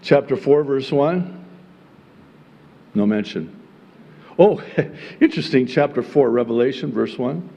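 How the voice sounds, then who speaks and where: Middle-aged man, pastor's sermon, slow deliberate delivery, emphatic bursts, folksy asides, reverberant hall. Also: mid-range voice, expressive, vocal fry. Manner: emphatic, swings from quiet teaching to loud exclamation.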